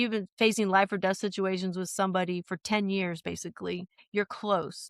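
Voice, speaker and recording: A woman chatting on a podcast, telling stories in a rambling, animated way with many restarts. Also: medium pitch, no echo, clean studio sound. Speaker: podcast guest. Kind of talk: casual podcast chat.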